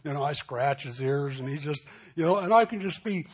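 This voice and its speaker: A pastor giving a sermon, teaching in a conversational way with asides and restarts, growing animated when telling a personal story. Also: male voice, fairly high pitch, brisk, husky.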